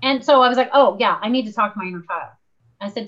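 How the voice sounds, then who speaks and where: A woman author being interviewed conversationally talks very fast in a mid-range voice. Her storytelling is lively, and she voices the people she quotes. The recording sounds muffled.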